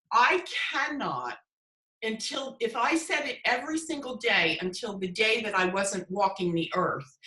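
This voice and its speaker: A woman's voice: mid-range voice, bright, forceful tone. A woman psychic medium chatting as a guest, effusive and emotional as she tells her story. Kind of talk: casual chat. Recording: echoey room.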